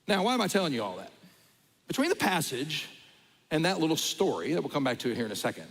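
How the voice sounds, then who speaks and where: Animated male preacher telling a story. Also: on the high side, quick pace, slightly rough, long reverb tail, rough recording. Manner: animated storyteller, acts out voices. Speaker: pastor. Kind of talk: storytelling sermon.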